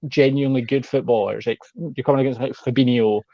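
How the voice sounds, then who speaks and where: A man's voice: mid-range voice, fairly even intonation, fast talker, no room sound, highs cut off. A man talking football as a guest, rambling and saying "like" a lot. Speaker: guest pundit. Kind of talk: casual chat.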